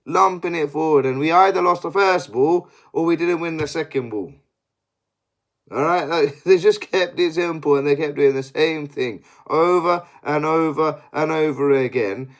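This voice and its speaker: A man's voice: on the high side, moderate pace. A young man giving a sweary, exasperated post-match analysis as a football fan.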